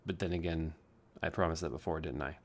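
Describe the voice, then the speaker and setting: A young man speaks in a very low voice, talking loosely through a daily vlog from home. He sounds worn out and low on energy. He rambles and jokes at his own expense. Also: steady tone, brisk, darkish tone. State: tired. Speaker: vlogger.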